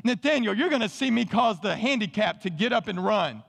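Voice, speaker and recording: A man voicing Jesus as a gently teasing teacher in a folksy paraphrase, during a sermon. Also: high voice, expressive, fairly quick, gravelly, slightly rough, big-room sound, exaggerated voice. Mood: building.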